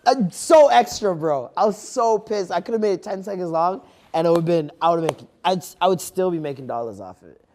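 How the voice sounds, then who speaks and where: Lively young man, clear close mic. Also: sits high, brisk, hardly any pauses. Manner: animated storytelling, swears freely, often says "bro". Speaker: podcast guest and stand-up comedian. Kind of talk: casual chat. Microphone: clear guest mic.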